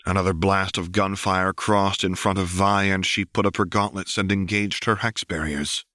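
A man with a deep voice narrates a story in steady, measured storytelling. His tone is bright and forceful, and the recording is dry and close, with no room around it. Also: dry recording. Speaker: audiobook reader.

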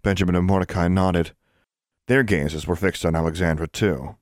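Low-voiced guy reading a fantasy audiobook, dry close sound, steady. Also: no echo. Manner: steady, measured storytelling. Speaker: audiobook narrator. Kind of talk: scripted narration.

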